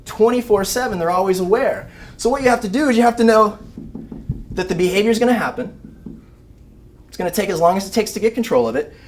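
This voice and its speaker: A man, an animal behavior trainer giving a lively live talk to rescue volunteers and acting out everyday scenes. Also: high voice, quick pace, pauses often, slight background noise. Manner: animated, acts out scenes with shouted mock voices.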